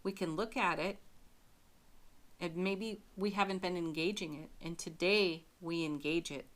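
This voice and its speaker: A woman giving a spiritual tarot reading to her viewers, speaking gently and often breaking into soft little laughs. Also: lowish voice, a little slow. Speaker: tarot reader.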